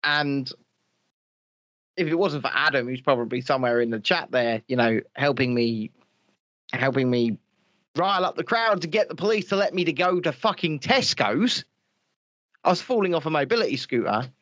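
A man hosting a live stream, his pitch on the high side and swinging up and down as he chats and swears freely. The sound is dry and a little dull, with no room around it. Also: moderate pace, pauses often, no room sound. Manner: swears freely, animated and chatty. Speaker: live streamer reading chat. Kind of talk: casual live stream chat.

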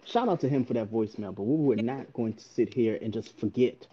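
Husky man co-host, casual. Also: medium pitch, a little fast, lo-fi sound. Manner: relaxed, explains terms with examples. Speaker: podcast co-host. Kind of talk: casual chat.

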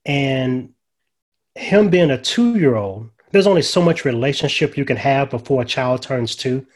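An older male chaplain working in grief ministry appears as a guest, telling stories in a casual, folksy, conversational way. His medium-pitched voice is expressive and his pace measured.

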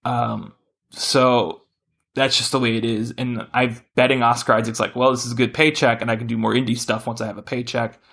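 A man hosting a casual podcast chat, rambling and correcting himself as he talks with animated shifts. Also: medium pitch, fairly quick, vocal fry. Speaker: podcast host.

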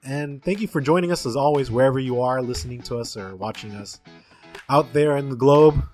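A man's voice: mid-range voice, fairly quick, darkish tone, soft background music. Rambling casual podcast co-host, man. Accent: Southern Californian. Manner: rambling, trails off and restarts. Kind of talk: casual chat.

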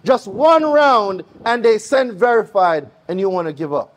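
A middle-aged man with a Jamaican accent, speaking live on a conference stage with an energetic, preachy manner that calls out to the audience. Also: high-pitched, measured pace. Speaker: guest speaker.

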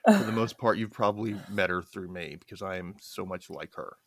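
A male guest tells family stories in a casual conversation, laughing often and acting out the voices of the people he quotes. His voice sits low and creaky, fairly quick, captured in a dry, studio-quality recording.

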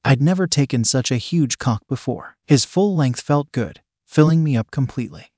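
A man reading an explicit story aloud in the first person, in a steady, unhurried way on a close mic. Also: mid-range voice, breathy edge, dry recording.

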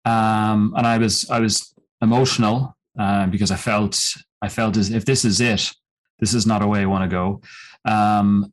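A middle-aged man, a mountaineer and coach, telling a personal story as a podcast guest in a reflective, halting way with many pauses and restarts. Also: lowish voice, rough recording. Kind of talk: storytelling in an interview.

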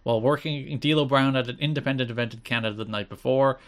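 A man co-hosting a casual podcast, recapping wrestling events with deadpan asides. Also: medium pitch, fast. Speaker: podcast co-host.

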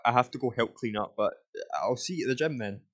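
A man's voice: mid-range voice, quick pace, no room sound, natural voice. A man playing a mild nephew. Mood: cheerful. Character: young male nephew, bingo-hall helper.

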